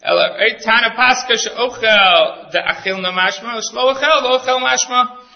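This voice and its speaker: A man's voice: very high voice, moderate pace, gravelly. A man giving a Talmud study lesson, working through the text step by step and checking in with frequent rhetorical asides. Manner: explains each term step by step, with frequent "right?" asides. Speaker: Talmud teacher. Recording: echoey room, dull lo-fi sound.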